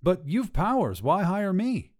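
A man's voice: high-pitched, very animated, a little slow, pitched above the performer's own voice, exaggerated voice. A man voicing an earnest, loyal male gargoyle who works as a roofer, talking in a pleading, eager way.

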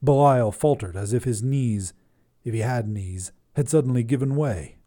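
A man narrating a short story and hosting a fiction podcast in an expressive storytelling delivery. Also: medium pitch, normal speed, background noise.

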